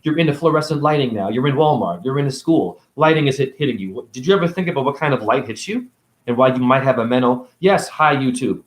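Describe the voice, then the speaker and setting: In an echoey room, a spiritual video creator speaks to camera in a fast, expressive, mid-range voice. His monologue rambles, hops from topic to topic, circles back on itself, and includes free swearing.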